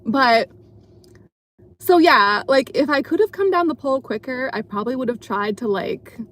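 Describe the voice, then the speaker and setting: A woman speaks at normal speed in a high-pitched, animated voice, with slight background noise behind her. She's a live streamer driving at night, telling a story in a loose, rambling chat with many fillers and restarts.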